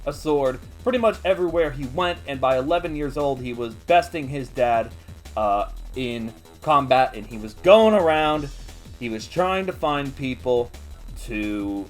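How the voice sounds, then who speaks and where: A man hosting a casual manga recap, chatty and animated with laughing asides. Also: mid-range voice, unhurried, soft background music. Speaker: host.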